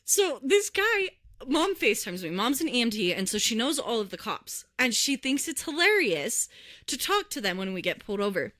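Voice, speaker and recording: Animated, bright-voiced young woman telling a story. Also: on the high side, moderate pace, no echo, clean studio sound. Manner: animated, swears freely, acts out voices in her story. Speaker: podcast co-host. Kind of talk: casual storytelling chat. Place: podcast recording room. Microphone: close to the mic.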